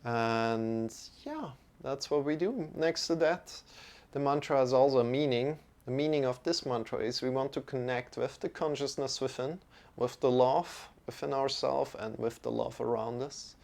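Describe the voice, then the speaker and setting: A man leading a yoga lesson, speaking in a relaxed, friendly way with some fillers as he explains what comes next. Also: medium pitch, moderate pace, gravelly. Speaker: yoga teacher. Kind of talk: guided yoga and mantra chanting lesson.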